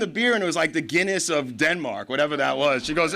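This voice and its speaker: A man's voice: on the high side, expressive, fast talker, vocal fry, sharp tone. A middle-aged man speaking at a recovery meeting, telling his own story in a rambling way, with asides and chuckles. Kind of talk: personal story told at a meeting. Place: meeting hall before an audience.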